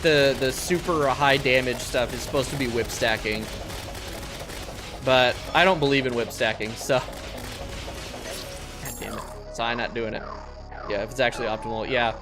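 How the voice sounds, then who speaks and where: A young man casually chatting and swearing while he streams a game. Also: mid-range voice. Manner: chatty, swears often, rambling. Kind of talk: casual gameplay commentary. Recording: game music behind.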